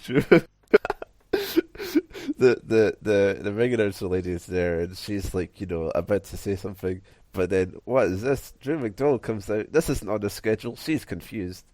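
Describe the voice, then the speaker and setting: A man's voice: fairly low pitch, moderate pace, darkish tone, no room sound. A man co-hosting a podcast, casually recapping with frequent laughs and swearing. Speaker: podcast co-host. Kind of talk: casual chat.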